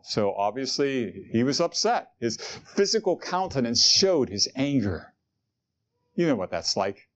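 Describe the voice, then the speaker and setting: A man's voice: medium pitch, lo-fi sound. A man preaching a sermon in an earnest, conversational way, asking his listeners questions. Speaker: pastor.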